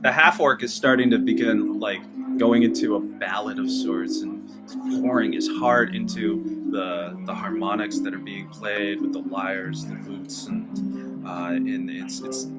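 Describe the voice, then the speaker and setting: A man narrating as game master of a tabletop game, in a halting, rambling way. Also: fairly low pitch, fairly even intonation. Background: guitar music.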